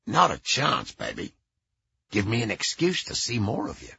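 A foul-mouthed, cranky old rocker, as a male narrator puts him on, barks out blunt remarks in a raspy, gravelly voice. His delivery swings widely in pitch. The storybook recording sounds a little dull and lo-fi. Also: huge pitch swings, moderate pace, pushed and bright, no room sound, full character voice. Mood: gruff. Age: older. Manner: profane, blunt, gruff.

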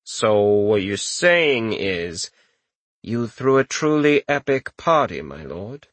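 A man's voice: on the low side, sing-song, slow pace, no room sound, full character voice. A man voicing a disapproving, sour-spoken chamberlain with a stiff, formal manner.

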